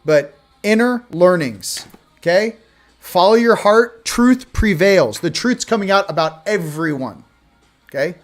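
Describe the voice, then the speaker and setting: A male host giving a casual oracle card reading, with sarcastic joking asides and slow, emphatic stresses on the card words. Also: high voice, lively intonation, soft background music.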